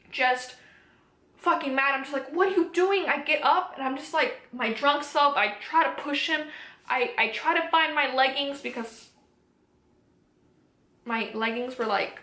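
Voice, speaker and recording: A woman's voice: sits high, sharp tone. A young woman vlogger telling a personal story to camera, candid and emotional, swearing freely. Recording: roomy echoey room.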